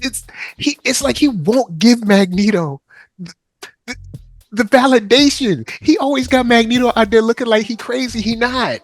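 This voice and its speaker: A man hosting a casual fan chat about a cartoon, animated and joking, acting out characters as he talks. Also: very high-pitched, normal speed, soft background music. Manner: animated, acts out characters in skits. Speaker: podcast host.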